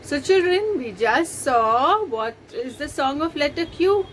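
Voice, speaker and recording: A woman, teaching letters to young children in a slow, patient, step-by-step way. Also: sits high, animated, fairly bright tone, faint music behind. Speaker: nursery teacher. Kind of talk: recorded lesson for young children.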